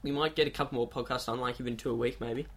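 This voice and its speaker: A man's voice: medium pitch, steady tone, racing, gravelly, fairly bright tone, husky. A man co-hosting a casual podcast, chatting and teasing his friend with plenty of swearing. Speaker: podcast co-host.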